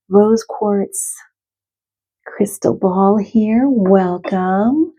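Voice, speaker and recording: A woman animal communicator speaks to her viewers in a heartfelt, reassuring way during a spiritual card reading. Her voice is warm and mellow. She talks slowly and gently. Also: mid-range voice, steady tone, husky, low-quality recording. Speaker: animal communicator and tarot reader.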